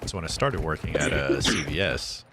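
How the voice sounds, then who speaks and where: Deep-voiced man chatting over music. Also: moderate pace, heavy background noise. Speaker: streamer. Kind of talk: casual chat on a game stream. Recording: music playing behind.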